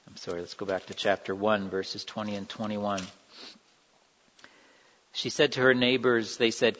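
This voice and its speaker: A preacher gives an earnest, conversational sermon, acting out quoted lines with feeling. His voice sits on the low side and is a bit bright, with flat delivery, normal speed, and long pauses. The sound is dull, in a reverberant hall.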